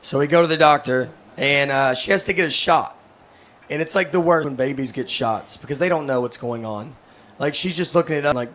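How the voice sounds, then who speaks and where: A middle-aged man doing a stand-up comedy set, telling rambling deadpan stories full of fillers. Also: a little high, a little fast, slight background noise. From United States. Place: stage before a laughing audience.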